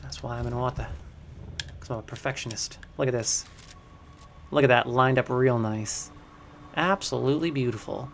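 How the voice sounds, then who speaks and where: A young man streaming a game, rambling in a gravelly, mid-range voice and calling his viewers crew. He swings between hyped shouts and muttered asides. A faint hiss sits under the recording. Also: medium pitch, normal speed, pauses often. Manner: chatty, hyped, slangy, talks to chat as crew. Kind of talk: casual livestream commentary.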